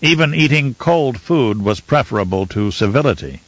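A man narrating a novel in a measured storytelling manner. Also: mid-range voice, lively intonation, fairly bright tone, dry recording. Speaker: audiobook narrator. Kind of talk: scripted audiobook narration. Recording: slightly muffled dry recording.

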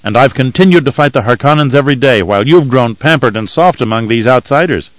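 A man's voice: medium pitch, lively intonation, quick pace, no room sound, lightly acted, low-quality recording. A man doing a hearty, teasing desert warrior.

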